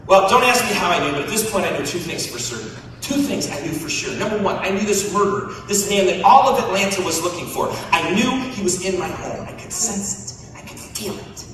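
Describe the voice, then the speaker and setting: A man tells a funny story at a banquet in a playful, animated way, talking straight to the crowd. His voice sits high. The recording catches him from far off in a big, echoey hall with room noise behind. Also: fast talker, few pauses. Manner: animated, playful, addresses the audience directly. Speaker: banquet speaker. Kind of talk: humorous storytelling speech.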